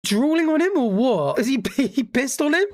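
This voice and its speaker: A male commentator narrating over clips in a clearly high voice. He delivers wry, sarcastic quips in a commentary style. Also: sing-song, moderate pace. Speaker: video commentator. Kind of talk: scripted reaction commentary.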